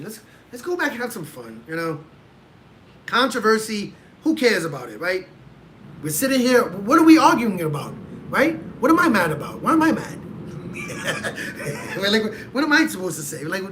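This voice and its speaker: A man's voice: sits high, a bit bright, slight background noise. A man hosting a casual livestream, ranting in an exasperated way and talking straight to his chat from a room at home. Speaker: livestream host reacting to fights.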